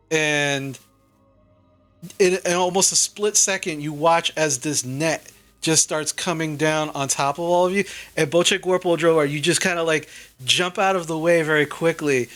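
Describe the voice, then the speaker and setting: A man narrates a tabletop game as game master in a loose, casual way. He uses many fillers, and his voice sits a little high. Faint music plays under him. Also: a bit bright.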